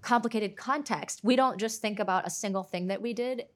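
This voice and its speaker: Animated young woman telling stories. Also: medium pitch. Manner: animated storyteller, quick bursts. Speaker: podcast co-host. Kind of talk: casual chat.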